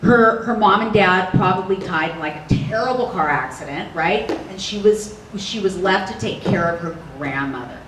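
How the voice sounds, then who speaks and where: An animated, bubbly woman talks on a convention panel and laughs often. Her voice carries across a large, echoey hall, picked up from a distance with faint room noise underneath. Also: medium pitch, moderate pace, hardly any pauses. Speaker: voice actress, panel guest.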